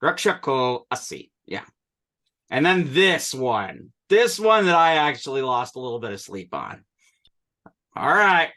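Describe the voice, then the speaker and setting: A male teacher leading an online class, patiently correcting pronunciation and explaining with quick asides. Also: medium pitch, big pitch swings, sharp tone. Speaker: Sanskrit teacher.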